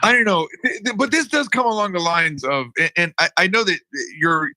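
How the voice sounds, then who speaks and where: A man co-hosting a casual podcast conversation, animated and halting, with many restarts. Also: high-pitched, dry recording, low-quality recording. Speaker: co-host.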